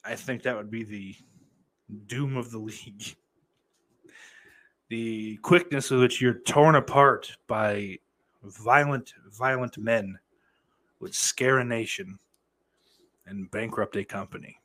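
A man's voice: medium pitch, slow pace, long pauses, fairly bright tone. Man, from the United States, livestream host, casual chat, profane, rambling, lots of fillers. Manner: profane, rambling, with many fillers and mock outbursts.

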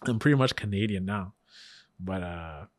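A man's voice: low-pitched, moderate pace, no room sound. A man from Kenya, co-hosting a podcast in casual chat, emphatic and laughing often. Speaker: podcast co-host.

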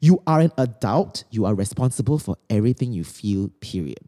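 A woman's voice: rumbling low, expressive, brisk, mellow. A woman life coach, talking in a podcast conversation, dramatic and sarcastic. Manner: dramatic, sarcastic, acts out whiny clients.

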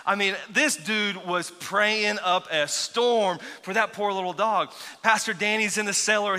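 A high, very bright male voice preaching in an animated, chatty way, stumbling through restarts and teasing himself as he goes. The sound rings with the long reverb of a large church hall. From grew up near Seminole. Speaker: pastor. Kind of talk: sermon storytelling.

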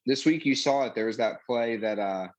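A man's voice: medium pitch, normal speed, rough recording. A man co-hosting a casual sports podcast, rambling and full of "you know" fillers.

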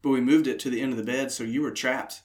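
A man's voice: medium pitch, fairly even intonation, fast, a little mellow. A young man co-hosting a podcast, laughing often and chiming in with short agreements. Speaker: podcast co-host. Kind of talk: casual chat.

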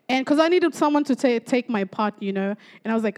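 High-voiced woman. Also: moderate pace. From Torres Strait, Australia. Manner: lively storytelling with frequent praise interjections. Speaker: church speaker giving testimony. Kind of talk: church testimony.

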